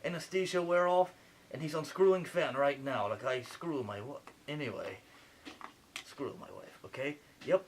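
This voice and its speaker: A man's voice: a little high, moderate pace, slight background noise. Man with a joking put-on French accent. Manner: playful mock-surgical banter, fussy instructions. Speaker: mock surgeon fixing a computer. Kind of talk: joking home repair video.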